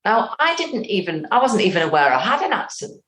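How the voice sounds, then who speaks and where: A woman in her fifties with a Northern English accent, a playwright and actor giving a lively interview and acting out lines of dialogue as she talks. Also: mid-range voice, a little fast, echoey room, poor audio. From North West England. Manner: animated, acts out quotes.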